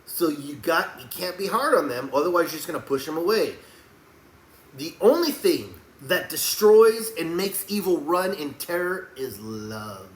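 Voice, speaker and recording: A man's voice: fairly high pitch, lively intonation, measured pace. Fiery preacher man in an echoey room. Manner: fiery, swings between shouting and soft, hushed tones. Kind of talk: sermon. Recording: echoey room with faint background noise.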